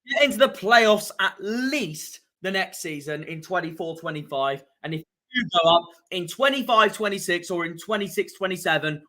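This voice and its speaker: Bright-voiced young man ranting through a watchalong. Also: high voice, animated, moderate pace, hardly any pauses. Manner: frustrated, ranting, swings between muttering and shouting. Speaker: football watchalong streamer. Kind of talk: live football watchalong commentary.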